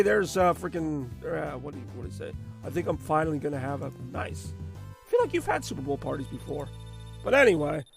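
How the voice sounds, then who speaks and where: A hoarse man with a sore throat, hosting a retro gaming stream in rambling, chatty commentary. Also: on the high side, no echo. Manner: rambling, chatty, self-deprecating. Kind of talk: casual live-stream commentary. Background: faint game music.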